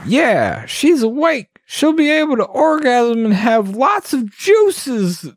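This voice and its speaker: A man voicing a lewd, gleeful male goblin guard in a high, excited voice. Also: takes it slowly, dry recording, studio quality, full character voice. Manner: excited, high-pitched exclaiming.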